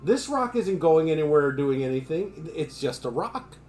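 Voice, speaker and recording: A man's voice: a little high, sing-song, moderate pace, darkish tone. A man from the United States ranting his opinions in casual live-stream chat, swearing freely.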